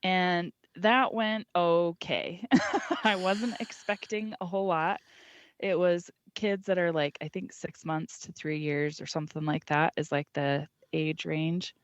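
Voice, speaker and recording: A woman's voice: low voice, steady tone, measured pace, dry recording. Woman co-host in her 30s, frank rambling chat, dry and muffled podcast sound. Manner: rambling, frank, laughs mid-sentence. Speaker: podcast co-host, working mom. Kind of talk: casual chat. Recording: dull lo-fi podcast audio.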